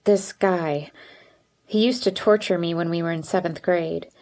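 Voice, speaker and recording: A woman's voice: lowish voice, fairly even intonation, a little slow. A woman voicing a nervous, hesitant teenage girl. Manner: hesitant, quiet.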